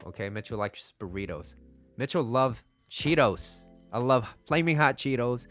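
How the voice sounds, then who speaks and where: A man's voice: mid-range voice, normal speed, a bit bright. Man, casual advice monologue, rambling and profane, frequent laughter, speaks of himself in third person, faint music underneath. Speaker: dating and relationship advice host.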